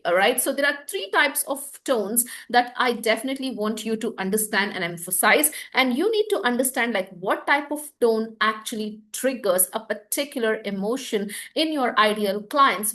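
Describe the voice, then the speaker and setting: Chatty woman sales coach, higher voice. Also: fairly bright tone. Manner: conversational, frequent tag questions and fillers. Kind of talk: coaching lesson to camera. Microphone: video call or webcam with screen share.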